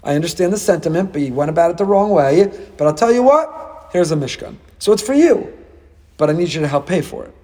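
Animated rabbi with a husky voice. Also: male voice, on the high side, fairly quick, in a large hall. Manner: animated, acts out dialogue, rhetorical questions. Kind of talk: Torah class.

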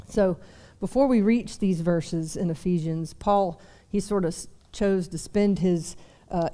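A young woman with a lowish, warm voice preaches a sermon at a church service to a seated congregation. She's chatty, with self-deprecating asides.

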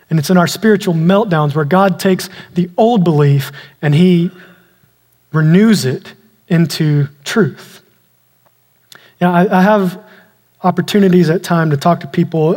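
A man delivers an earnest sermon in a somewhat high voice, the sound ringing with the long reverb of a large church hall. He slows down and drops to a quiet, deliberate tone whenever he presses a point home. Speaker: preacher.

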